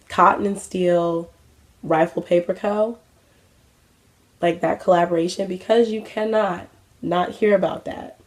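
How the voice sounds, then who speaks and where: A woman's voice: lowish voice, darkish tone. A young adult woman hosting a craft vlog, chatting casually with many fillers and self-mocking asides. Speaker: craft vlogger. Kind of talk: casual chat.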